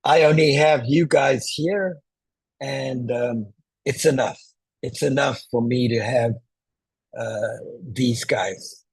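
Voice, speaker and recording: A man coaching viewers on online presentations in a casual tutorial, talking loudly on purpose and often checking in with "right?", from a small one-room apartment. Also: medium pitch, slow, creaky, slightly rough, no room sound, low-quality recording.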